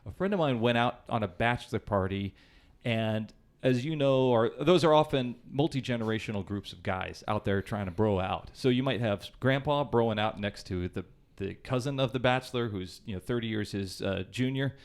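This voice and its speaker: A man's voice: medium pitch, moderate pace. Enthusiastic man telling anecdotes on a podcast. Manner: enthusiastic, reflective storyteller. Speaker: podcast co-host. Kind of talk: casual chat.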